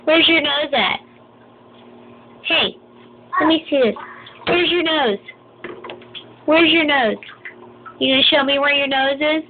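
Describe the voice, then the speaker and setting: A woman coos slow, high, sing-song baby talk to a small child, laughing between phrases. The sound is a tinny phone-camera recording with loud hiss behind her. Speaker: parent playing with a baby.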